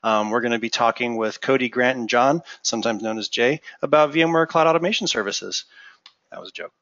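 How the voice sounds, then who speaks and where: A bright-voiced man hosts a casual tech stream and chats easily, filling pauses with ums. The sound is dry and a little dull and lo-fi. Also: medium pitch, no echo. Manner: relaxed, chatty, many ums. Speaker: host. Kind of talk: casual webinar hosting.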